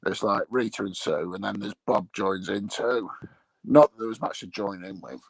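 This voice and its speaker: A man's voice: lowish voice, moderate pace, vocal fry, no room sound, low-quality recording. A man rambling through crude comic chat, bawdy and meandering, chuckling at his own jokes. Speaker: comic monologue host.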